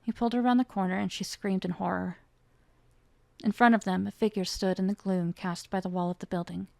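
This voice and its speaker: Woman with a gravelly voice reading fiction. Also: medium pitch, steady tone, a little fast, dark tone, dry recording. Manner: reads the characters' lines with rising emotion. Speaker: author reading her own book.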